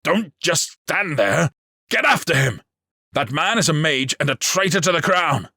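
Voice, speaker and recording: A man's voice: lowish voice, moderate pace, no echo, studio quality, pitched above the performer's own voice, natural voice. A man doing a commanding arrogant official. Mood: furious. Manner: commanding, barking orders. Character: arrogant, forceful male official turned outlaw.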